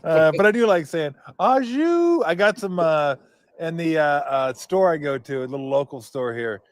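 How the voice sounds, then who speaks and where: A man's voice: on the high side, moderate pace, clean tone, dry recording, studio quality. A man hosting a casual sports talk show, laid-back and chuckling, drifting into rambling asides. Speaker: radio show host.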